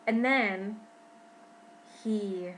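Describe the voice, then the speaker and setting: A young woman talking casually to her camera at home in a pregnancy vlog, chatty and expressive, often saying "freaking". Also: medium pitch, drawn-out words, a little hiss or hum, poor audio. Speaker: vlogger.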